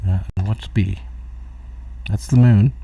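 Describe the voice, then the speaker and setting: A man's voice: fairly low pitch, steady tone, takes it slowly, vocal fry, mellow, breathy edge, distant mic. A middle-aged man hosting a rambling solo live stream from home, distracted and chuckling at his own jokes. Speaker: host of a live talk stream.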